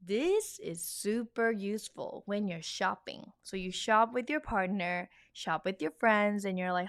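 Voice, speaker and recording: A woman's voice: medium pitch, lively intonation, dry recording. Chatty woman teaching vocab, upbeat, says words over and over, dry sound. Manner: bubbly, chatty, repeats words slowly for learners. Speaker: Korean language teacher. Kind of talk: online language lesson.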